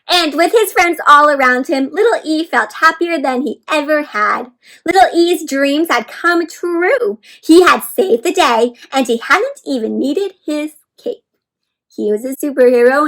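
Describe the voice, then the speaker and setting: A woman reading a picture book aloud to children, animated and teacherly, gasping often and sounding out words. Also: high voice. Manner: animated, with frequent gasps. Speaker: children's storyteller. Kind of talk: interactive read-aloud for kids.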